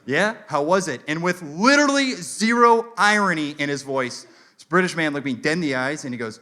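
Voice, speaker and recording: A man doing a stand-up comedy set, telling stories in an animated way and acting out people in mock French. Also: a little high, a little fast. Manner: animated storytelling, acts out characters in mock French. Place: comedy venue with a live audience. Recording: live crowd laughter and room noise. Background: audience laughing.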